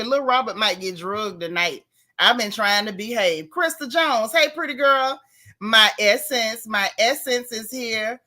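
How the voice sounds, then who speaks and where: A woman's voice: fairly high pitch, bright, forceful tone. A woman hosting a casual livestream, greeting each viewer by name with pet names like girl, sis and boo. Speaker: livestream host.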